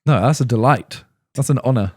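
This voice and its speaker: A man's voice: medium pitch, a little fast, a little mellow, slightly rough, dry recording, studio quality. Laid-back young man, laughing often. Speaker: podcast co-host. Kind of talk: casual podcast banter.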